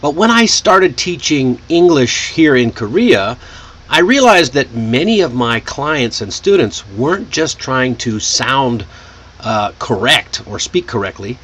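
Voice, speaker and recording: A man's voice: medium pitch, breathy edge. A man from Texas, teaching an online English pronunciation lesson. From Texas, United States. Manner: slow, lively, animated delivery.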